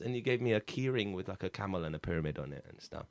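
Male comedy podcast co-host, lively pitch and animated storytelling, casual chat. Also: rapid-fire, few pauses. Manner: animated storyteller, swearing, laughing.

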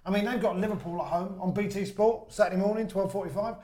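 High-voiced joking man. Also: mellow, roomy sound. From London. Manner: jokey, laughs often, quick asides. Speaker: host. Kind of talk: casual comedy chat.

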